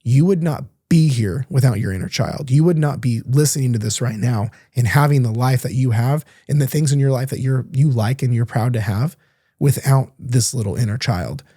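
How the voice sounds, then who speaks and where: A man's voice: mid-range voice, moderate pace, dark tone, breathy edge, dry recording, clean studio sound. A young adult man hosting a podcast, talking candidly and earnestly in a casual coaching monologue, swearing now and then. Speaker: podcast host.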